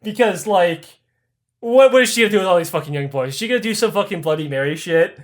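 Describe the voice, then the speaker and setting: A man's voice: sits high, fast. A young man hosting a podcast, telling history as profane comedy and swearing constantly. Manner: animated, swears constantly, acts out voices mid-story. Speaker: podcast host.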